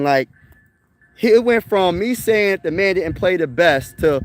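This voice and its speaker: A man's voice: fairly high pitch, moderate pace, a little hiss or hum. A young man hosting casual sports talk, emphatic and rambling, tossing in "bro" and "man" as he makes his point to viewers. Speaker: sports channel host.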